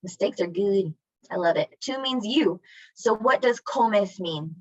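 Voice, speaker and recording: A woman's voice: mid-range voice, animated, measured pace, darkish tone, no room sound. Encouraging woman teaching over a video call. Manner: encouraging, asks students questions. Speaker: Spanish teacher. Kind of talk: online class teaching. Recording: dull lo-fi video call audio.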